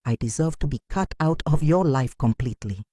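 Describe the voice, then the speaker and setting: A woman's voice: very deep voice, animated, brisk, dark tone, breathy edge, full character voice. A woman voicing a remorseful adult daughter, tearful and pleading, with a broken voice.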